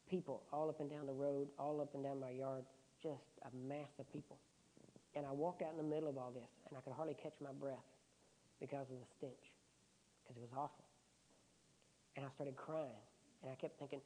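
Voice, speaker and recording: A man preaching a sermon and recounting a personal story with deep emotion, often dropping to a hushed voice. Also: low-quality recording.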